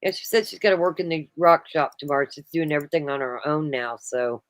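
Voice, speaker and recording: An American woman with a fairly low voice hosts a casual live stream, joking with her guest and passing along messages from chat. Her voice sounds close and dry, with no room echo. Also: fast talker. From United States. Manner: playful, reads chat messages aloud.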